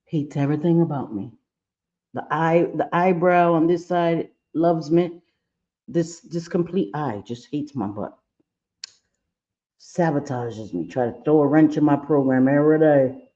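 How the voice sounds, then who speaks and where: Brief: man, makeup livestream host, chatty and playful, fairly high, mellow, muffled lo-fi audio. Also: unhurried. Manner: chatty, playful, scolds his own eye and brush aloud. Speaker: makeup vlogger. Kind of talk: casual makeup tutorial livestream.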